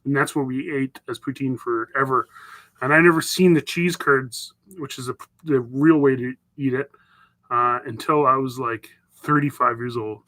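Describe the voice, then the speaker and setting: A man's voice: medium pitch, steady tone, normal speed, bright, forceful tone, poor audio. A man from northern Canada hosting a casual live stream, rambling and chatting as he reads viewer messages. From Northwest Territories, Canada. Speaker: livestream host.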